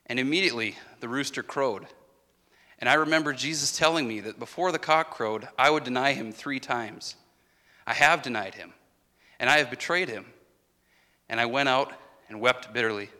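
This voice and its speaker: A man's voice: mid-range voice, moderate pace, sharp tone. A man delivering a dramatic first-person monologue as a disciple, anguished and confessional. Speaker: actor in a Passion monologue. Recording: reverberant hall.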